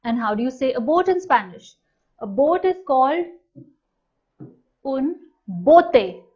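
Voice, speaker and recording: A woman teaching a language lesson, saying each new word slowly and clearly and then repeating it. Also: sits high, big pitch swings. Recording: dull, slightly lo-fi sound.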